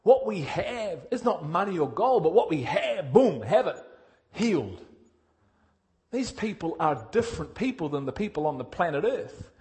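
Energetic and direct, a preacher whose voice sits on the high side speaks at a moderate pace. He keeps questioning his listeners, moving from loud emphasis into quiet intensity.

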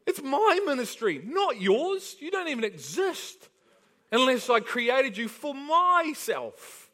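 Man voicing God, commanding, emphatic, raised high pitch, male voice. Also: very animated, slow pace, bright, forceful tone, exaggerated voice. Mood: stern.

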